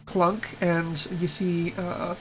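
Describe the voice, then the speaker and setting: A woman's voice: on the low side, level tone, very slow. A woman as game master, narrating the scene casually with fillers and laughs.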